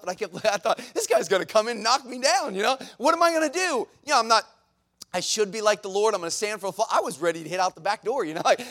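Male pastor, high voice, lively storytelling sermon. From United States. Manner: animated, conversational, acts out quotes. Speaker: pastor and missionary.

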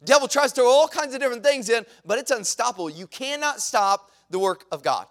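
Male pastor, high voice, lively storytelling sermon. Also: a little fast. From United States. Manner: animated, conversational, acts out quotes. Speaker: pastor and missionary.

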